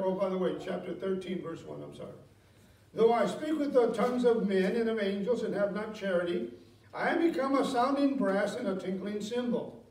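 A man's voice: sits high, darkish tone. A man pastor preaching a Bible study sermon, reading verses aloud, asking the congregation questions and chuckling between points. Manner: conversational preaching, reads scripture aloud, asks the congregation questions; chuckles often, many fillers and self-corrections. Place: church sanctuary. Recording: echoey room, voice from a distance.

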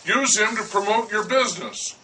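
A man's voice: high voice, moderate pace, sharp tone, distant mic, poor audio. A man voicing a condescending poet who coolly talks down to a baker. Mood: patronizing. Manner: smooth, patronizing, persuasive. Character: languid condescending male poet.

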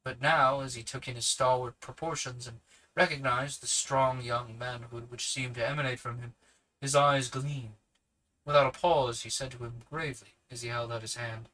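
A man narrating a classic novel aloud in a steady storytelling manner, with occasional slips and restarts. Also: medium pitch, moderate pace, low-quality recording. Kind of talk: audiobook reading.

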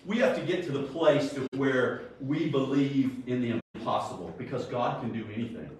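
A man preaching in an animated, storytelling way and acting out the people in his stories. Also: mid-range voice, a little hiss or hum. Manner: animated storytelling, acts out quotes. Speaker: Sunday school teacher. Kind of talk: sermon. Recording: very echoey room, far from mic.

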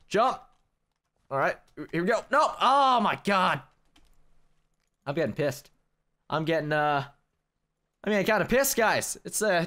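A young man hosting a gaming channel, giving casual commentary as he plays and getting worked up over failed jumps. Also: sits high. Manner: excitable, quick to rage, addresses viewers as guys. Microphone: desk microphone.

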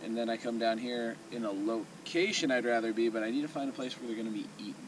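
A man's voice: mid-range voice, quick pace. A man filming himself while kayak fishing, chatting casually in a laid-back, rambling, self-deprecating way. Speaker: fishing vlogger. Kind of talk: casual self-filmed talk to camera. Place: outdoors on a river, kayak and sandbar. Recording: outdoor recording with noticeable river noise. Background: water and outdoor ambience.

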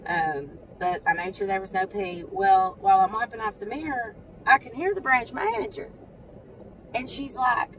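A woman's voice: normal speed, distant mic, a little hiss or hum, poor audio. A mother, telling a story to the camera from her parked car, acting out what other people said. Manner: animated, talks to the camera, acts out others' lines in a high voice. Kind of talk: casual storytelling vlog. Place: parked car outside a credit union.

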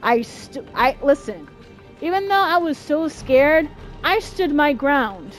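A young woman giving profane, jumpy let's-play commentary, yelling and cursing when scared. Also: high voice, sing-song, takes it slowly. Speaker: gaming streamer. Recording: faint game music behind.

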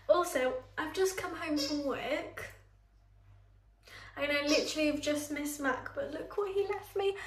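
At home in her bathroom, a young British woman in her twenties vlogs casually to her phone camera, chatty, gushing and easily moved. Her voice sits high and is a bit bright. The small tiled room is echoey, with a little hiss or hum.

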